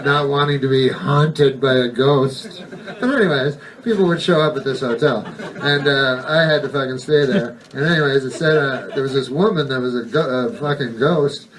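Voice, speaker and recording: A man doing a stand-up routine, rambling and deadpan, correcting himself and swearing casually, recorded live on stage. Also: mid-range voice, normal speed, recorded from a distance. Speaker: stand-up comedian.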